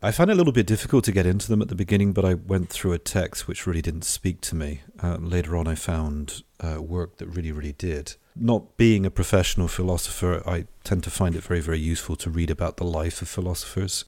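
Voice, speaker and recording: A man hosting a conversational interview, speaking thoughtfully and pausing on fillers. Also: low-pitched, darkish tone, no room sound. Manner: thoughtful, hesitant with many fillers.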